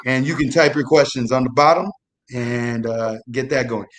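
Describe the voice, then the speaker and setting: A young man with a mid-range voice speaks at normal speed, sharing a true story as a guest storyteller on a live show. He's casual, laughing his way through it and tossing in animated asides.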